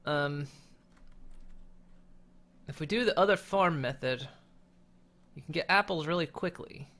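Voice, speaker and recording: A man's voice: on the high side, unhurried, sharp tone. A man streaming a video game, chatting casually and thinking aloud with hesitant restarts. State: hiccuping. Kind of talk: casual gameplay chat.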